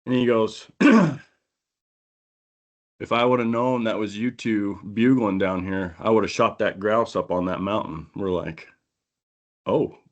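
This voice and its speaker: A man on a podcast telling a long, animated hunting-trip story in casual chat, acting out the people he quotes. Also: on the low side, moderate pace. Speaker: podcast co-host. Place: indoor podcast studio.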